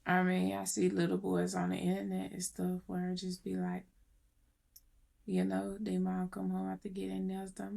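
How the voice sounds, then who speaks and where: A woman co-hosting a podcast in casual debate, animated and quick to push back. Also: on the low side, creaky. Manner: animated, pushes back, drawls. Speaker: podcast co-host.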